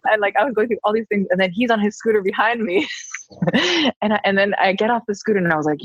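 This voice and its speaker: A woman telling a candid personal story in conversation, animated and laughing often. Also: mid-range voice, very fast, slightly rough, no echo. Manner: animated, laughs often, acts out her own quoted lines. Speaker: podcast conversation partner. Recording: dull, dry lo-fi sound.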